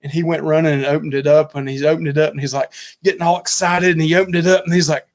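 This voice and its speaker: A man's voice: a little high, steady tone, fast. Chatty middle-aged man hosting a live stream. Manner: chatty and rambling, often thanking viewers. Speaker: co-host of a live cooking and travel stream. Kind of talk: casual live-stream chat.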